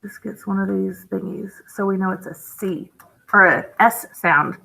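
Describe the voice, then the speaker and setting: A woman teaching phonics to young children at an unhurried pace, her voice bright with a gravelly edge. She thinks aloud as she codes each word and gasps with delight at every new rule. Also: mid-range voice, poor audio. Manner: thinks aloud while coding words.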